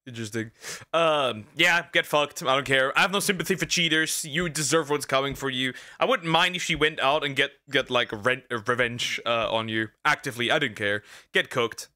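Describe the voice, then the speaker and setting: Blunt man with a bright voice. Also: mid-range voice, normal speed. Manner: blunt, profane. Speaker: streamer reacting to a video. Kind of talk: casual reaction commentary.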